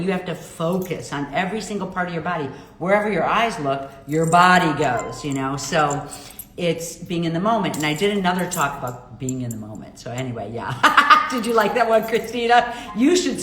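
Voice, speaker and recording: Bubbly lady chatting on a livestream, kinda low voice, echoey room. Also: animated, brisk, a bit bright. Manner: chatty, bubbly, exclaims at comments. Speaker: livestream host, jeweler. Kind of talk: casual live chat reading viewer comments. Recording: echoey room with faint noise.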